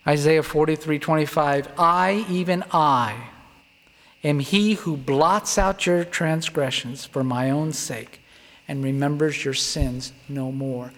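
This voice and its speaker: A middle-aged man preaching earnestly, slowing down to lean on key words. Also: a little high. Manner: earnest, emphatic, slows down to stress words. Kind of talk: sermon-style Bible teaching. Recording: long hall reverb.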